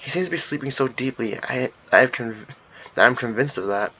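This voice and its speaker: A man's voice: mid-range voice, fairly quick, pushed and bright, slight background noise. A man reading a visual novel aloud with playful commentary, often laughing at himself.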